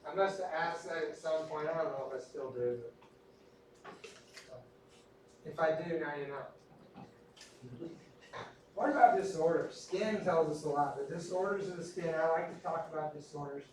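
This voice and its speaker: A middle-aged man lectures an anatomy class in a loose, chatty way, with joking asides. His voice sits a little high for a man. The recording catches him from well back in a heavily echoing classroom. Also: normal speed, long pauses, noisy background. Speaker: anatomy instructor. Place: large echoey classroom. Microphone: recorded from a distance. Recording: echoey classroom from far off.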